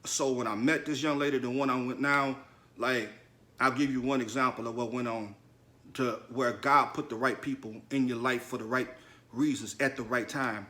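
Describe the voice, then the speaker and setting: A man's voice: mid-range voice, fairly even intonation, normal speed, pushed and bright. A man hosting a podcast, telling a personal story in a blunt, confessional, slangy way and speaking straight to his listeners. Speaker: podcast host. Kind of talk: candid personal storytelling monologue.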